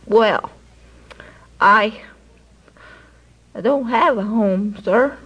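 A woman's voice: medium pitch, drawn-out words, fairly bright tone, slightly rough, full character voice. A woman voicing a poor, hungry little newsboy who stammers timidly, in a storybook reading.

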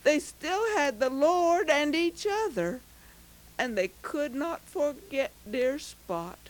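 Woman storyteller, high voice, very lively, slow read-aloud. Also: rough recording. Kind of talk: scripted story narration.

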